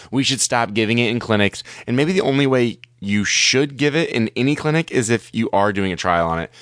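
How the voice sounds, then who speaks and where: Guy doing a medical podcast, kinda low voice, dry mic, skeptical and chatty about studies. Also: fairly bright tone, no echo. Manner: conversational, wry and skeptical. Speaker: podcast host. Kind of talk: casual medical podcast commentary.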